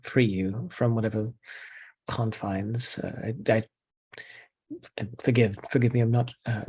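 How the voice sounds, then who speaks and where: A man's voice: fairly low pitch, level tone, darkish tone, breathy edge. A man playing a polite, hesitant monster hunter who halts and restarts often. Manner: halting, with many "uh"s and restarts. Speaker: player. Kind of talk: in-character tabletop role-play.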